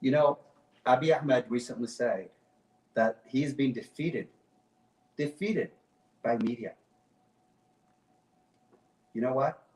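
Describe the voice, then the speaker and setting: A man's voice: mid-range voice, slow pace, pauses often, darkish tone, echoey room, far from the mic, rough recording. A man speaking as a guest on a talk show, passionate and emphatic, often repeating his phrases. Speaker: guest activist. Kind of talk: impassioned talk show speech.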